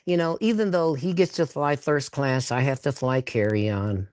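A man's voice: medium pitch, moderate pace, darkish tone, dry recording, clean studio sound, close to an everyday voice. A man voicing a cheeky male turtle puppet who teases and boasts, speaking over a video call. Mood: teasing. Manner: teasing, boastful, interrupts with jokes.

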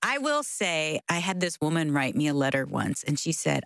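A middle-aged woman co-hosts a radio talk show with a slightly low voice. She reacts with empathetic interjections and questions, recorded dry and close. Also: sing-song, moderate pace, vocal fry, hardly any pauses, a bit bright, dry recording, rough recording. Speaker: co-host.

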